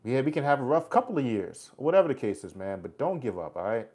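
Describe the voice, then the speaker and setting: A man's voice: mid-range voice, big pitch swings, quick pace, darkish tone. Forties male livestream host, blunt and preachy, casual street talk. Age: 40s. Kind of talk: casual live chat reading comments.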